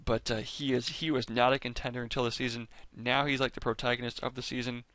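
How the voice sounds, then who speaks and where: A man's voice: mid-range voice, little pitch movement, quick pace, a bit bright, dry recording. A man hosting a fan video, chatting casually over clips with enthusiasm, rambling and often stopping to correct himself. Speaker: fan video host ranking characters.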